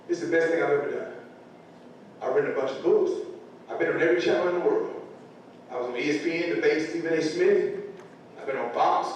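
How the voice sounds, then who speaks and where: Speaking to an audience of teachers, a fortysomething man delivers a humorous motivational speech full of stories, acted-out quotes, and homespun grammar. His voice runs somewhat high, picked up at a distance in a reverberant hall with slight background noise.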